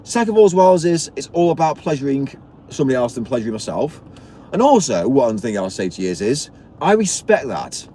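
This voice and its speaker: A man's voice: medium pitch, sing-song, brisk, warm tone, slight background noise. A man ranting bluntly on a live stream, preachy and swearing, stumbling and repeating words as he goes. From Britain.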